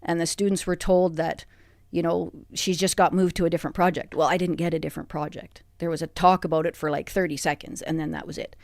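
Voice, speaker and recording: A middle-aged woman, a podcast guest recounting a hard time in a halting, emotional way with many restarts. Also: lowish voice, level tone, darkish tone, no room sound, clean studio sound. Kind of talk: personal interview. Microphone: studio microphone.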